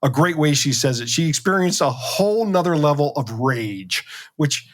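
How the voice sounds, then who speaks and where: A man's voice: on the high side, lively intonation, moderate pace, a bit bright. Male co-host, conversational, indignant, wry. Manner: indignant, sarcastic storytelling with fillers. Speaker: podcast co-host. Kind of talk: casual chat.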